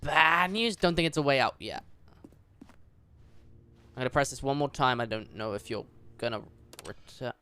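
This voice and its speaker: A man's voice: mid-range voice, expressive, moderate pace, long pauses, bright, forceful tone, smooth. A man streaming a video game, rambling in a jokey, casual way and talking back to the game's narrator. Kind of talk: casual livestream commentary.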